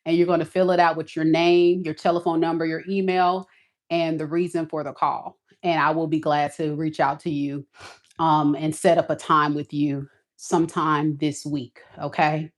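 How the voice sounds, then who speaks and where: A woman's voice: deep voice, flat delivery, moderate pace. A woman hosting a tarot live stream, talking to viewers in a folksy, casual way and calling them y'all.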